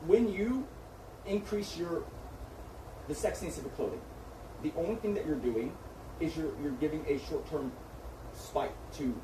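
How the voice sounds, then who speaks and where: A man, a streamer's manager, argues heatedly, swearing and lecturing as he insists he's right. His voice is on the high side at a moderate pace, and he pauses often. He's captured from afar in an echoey room with faint noise.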